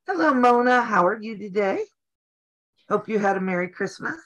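Chatty Southern American woman, lively pitch. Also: normal speed. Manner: laughs often, teasing and chatty. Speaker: host of a sewing channel livestream. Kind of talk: casual livestream chat.

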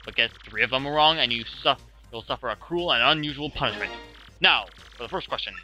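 Gloating male fortress quiz-master, read by a man: hammy, taunting, bright-toned, game soundtrack under. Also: mid-range voice, a little fast, soft background music.

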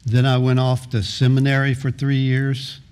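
A man's voice: mid-range voice, monotone, normal speed, darkish tone, clear, resonant tone. A middle-aged man preaching a sermon as pastor, earnest, often repeating and restarting words.

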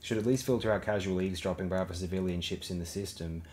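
A man reads an audiobook aloud in a deep, low voice. His narration is steady and even, with a faint hiss in the background. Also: fast talker. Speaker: audiobook reader.

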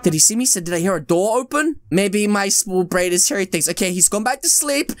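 A woman giving energetic, chatty gameplay commentary into a desk microphone, repeatedly addressing her viewers as guys. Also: medium pitch, brisk, faint music behind. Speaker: gaming video creator.

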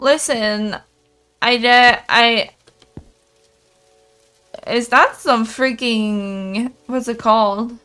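A woman's voice: a little high, very slow, long pauses, sharp tone, clear, resonant tone, soft background music. A young woman streaming a horror game, talking to her chat and anxiously repeating pleas as she plays. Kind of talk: horror game let's play.

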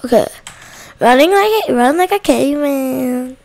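A woman with a fairly high voice and a gravelly, fry-laden edge talks slowly through casual let's-play commentary. She chats to her viewers between moments of yelling at game characters. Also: expressive. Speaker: gaming channel host.

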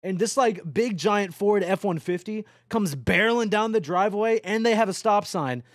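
A man's voice: high-pitched, moderate pace, no echo, clean studio sound. A young man streaming a trucking game, chatting with his viewers in a rambling, joking way and swearing often. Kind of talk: casual live-stream chatter while playing a trucking game.

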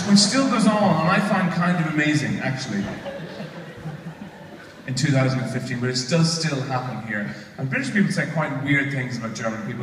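A man in his forties with an Irish accent, doing live stand-up comedy in a sardonic, rambling, self-mocking way. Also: medium pitch. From Ireland. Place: large theatre. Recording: distant echoey theatre recording from the audience, noisy.

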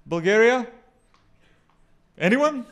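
A young man with a Macedonian accent works a comedy club crowd, his voice sitting high and swinging widely in pitch. He pairs deadpan punchlines with playful banter aimed at the audience. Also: slow pace. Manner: deadpan jokes with lively crowd work. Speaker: stand-up comedian. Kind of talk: stand-up comedy set.

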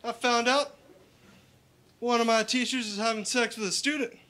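A young man doing a profane stand-up set, telling stories in a deadpan way. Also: extremely high pitch, moderate pace. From Roswell. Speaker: stand-up comedian. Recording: live club recording with background noise.

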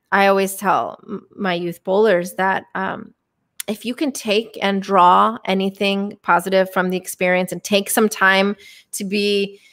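A woman's voice: medium pitch, a bit bright. A woman in her thirties, a guest on a podcast, telling a personal story candidly and with feeling, with many fillers and restarts. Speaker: guest, professional bowler. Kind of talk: casual podcast interview storytelling.

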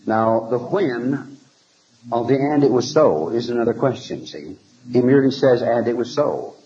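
A man giving a scripture lecture to a class, often checking in with rhetorical questions and pausing to repeat words as he thinks, on an old archival tape. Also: mid-range voice, animated, mellow, highs cut off. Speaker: religious lecturer.

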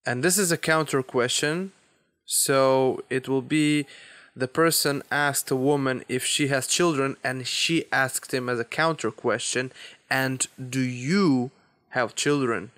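A man giving a beginner language lesson, explaining grammar slowly and deliberately with example phrases. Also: mid-range voice, fairly bright tone, no echo, studio quality. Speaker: Hebrew teacher.

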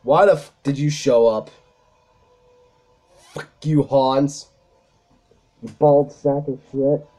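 A man's voice: medium pitch, steady tone, slow, pauses often, dark tone, faint music behind. A young man hosting a gameplay video, ranting and swearing constantly in his commentary. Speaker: gameplay host. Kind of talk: profane let's-play commentary.

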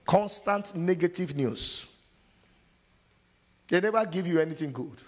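Husky-voiced preacher man in a reverberant hall. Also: on the high side, expressive, measured pace. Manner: call-and-response preaching, asks the congregation to finish verses; acts out scenes in loud sudden shouts. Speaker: pastor. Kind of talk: sermon.

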